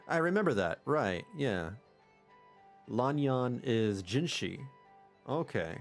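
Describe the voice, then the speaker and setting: A young man casually commenting on a game while livestreaming, with chatty, animated reactions. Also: mid-range voice. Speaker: streamer.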